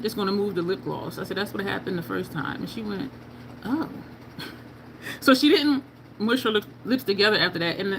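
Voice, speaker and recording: A woman's voice: mid-range voice, a little hiss or hum, poor audio. A woman beauty vlogger chatting casually through a makeup tutorial, telling stories and laughing often.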